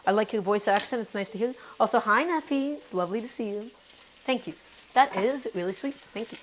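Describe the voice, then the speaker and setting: A woman's voice: fairly high pitch, a little fast, slight background noise. A woman hosting a casual cooking live stream, talking through each step and greeting her viewers by name. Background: faint music and sizzling pan.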